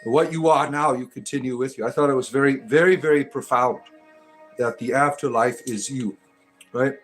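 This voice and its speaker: A man's voice: mid-range voice, normal speed, soft background music. A man hosting a casual live stream, rambling and joking as he greets viewers by name.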